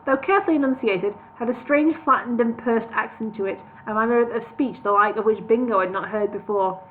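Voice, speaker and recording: A woman reading a story aloud live, slightly high-voiced, stumbling and correcting herself with quick apologies. The sound is thin and phone-like with a faint hiss behind it. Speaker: reader. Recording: tinny lo-fi livestream audio, faint noise.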